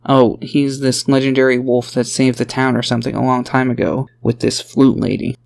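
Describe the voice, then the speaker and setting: A man's voice: mid-range voice, level tone, moderate pace, gravelly, close to an everyday voice. A man narrating an audiobook, voicing a tired father who is loving but defensive. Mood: explaining. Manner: earnest, defensive and tender.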